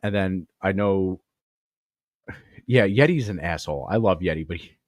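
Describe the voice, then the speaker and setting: Podcast host from Long Island, low voice, dry close sound, profane storyteller. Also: male voice, moderate pace, no room sound. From Long Island, New York. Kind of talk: casual comedy podcast commentary.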